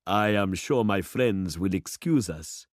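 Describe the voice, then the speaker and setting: A man's voice: deep voice, lively intonation, slow pace, no echo, studio quality. A man voicing a humble, earnest older country priest who asks polite questions, in a storybook reading.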